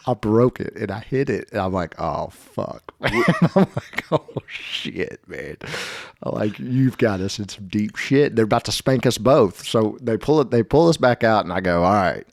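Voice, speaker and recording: A man's voice: no room sound, clean studio sound. A man co-hosting a podcast, telling a story in a laid-back way with plenty of swearing. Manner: swearing, laid-back storyteller who drops his voice low. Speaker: podcast co-host. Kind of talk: casual storytelling chat.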